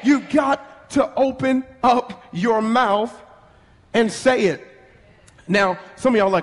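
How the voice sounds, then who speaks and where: Animated preacher, high-pitched man, call-and-response delivery; recorded with long church reverb. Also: unhurried. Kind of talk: sermon.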